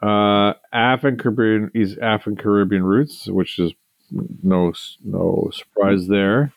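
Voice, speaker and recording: Skeptical, low-voiced podcast co-host man. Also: fairly even intonation, a little slow, creaky, dry recording. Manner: skeptical, questioning, reads out facts. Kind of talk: casual chat.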